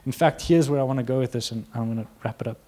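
A man preaching a sermon, telling a story with lively energy, acting out quotes and laughing now and then. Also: medium pitch, very fast.

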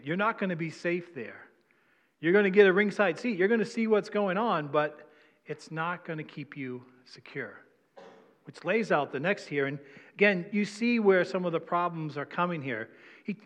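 A pastor with a high, slightly bright voice preaches a sermon in a conversational way, putting questions to his congregation. He's in a church sanctuary, and the recording carries a long hall reverb.

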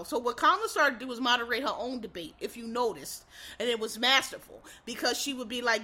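A woman's voice: on the high side, fast, bright, forceful tone. Blunt, profane woman lecturing viewers. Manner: blunt, emphatic and profane, lecturing the audience directly. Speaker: commentator. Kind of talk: casual opinion monologue.

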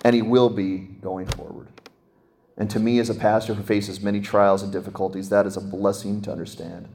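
A man preaching a sermon as a pastor, slowing and dropping soft on scripture, then rising sharply in pitch and volume to stress a point. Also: level tone, slight background noise. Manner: slows down and drops to a soft low voice on scripture.

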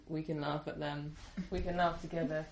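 Brief: British woman guest, low soothing voice, hesitant and reflective, echoey room. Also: flat delivery, unhurried, vocal fry, a little hiss or hum. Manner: soft-spoken, thoughtful, hesitant with fillers. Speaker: interview guest. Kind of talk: casual interview chat.

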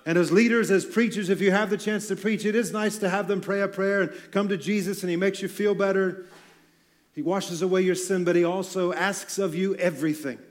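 Male preacher, high voice, earnest and emphatic sermon delivery with wry asides. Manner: earnest, emphatic, with light self-deprecating humor. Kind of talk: sermon to church leaders.

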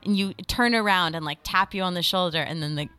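A woman's voice: on the low side, quick pace, pushed and bright, smooth, no echo, faint music behind. A woman co-hosting a podcast in casual chat, talking in a playful, chatty way. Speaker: podcast co-host.

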